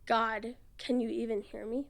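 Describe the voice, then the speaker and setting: A young woman, a poetry guest, chatting casually and reading a poem softly, with some lines whispered. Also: a little high, flat delivery, moderate pace, gravelly, very noisy. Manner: soft, hushed delivery with whispered lines in the poem. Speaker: poet guest.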